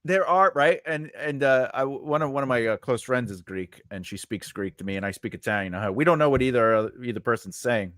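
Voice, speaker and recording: A man hosts a relaxed live-stream conversation with a bright voice that swings up and down in pitch. He jokes constantly and laughs a lot. The sound is dry and close. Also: fairly quick, hardly any pauses, no echo. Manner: joking, laughs often. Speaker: host. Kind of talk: casual live-stream chat.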